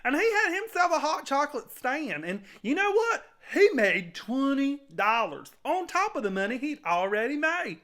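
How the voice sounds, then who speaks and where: Guy doing a high-voiced bumbling servant in a church kids skit, rambling and hesitant, voice jumping all over. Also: very animated, normal speed, hardly any pauses, fairly bright tone, heavily acted. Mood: sheepish. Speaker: anonymous servant in a comic interview skit. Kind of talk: comic skit storytelling.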